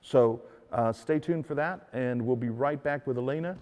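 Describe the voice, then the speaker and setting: A man's voice: medium pitch, normal speed, muffled recording, heavy background noise. A man hosting his own show in a casual, rambling monologue, full of fillers and "dude.". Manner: rambling, filler-heavy, says "dude" often. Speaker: show host. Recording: long hall reverb.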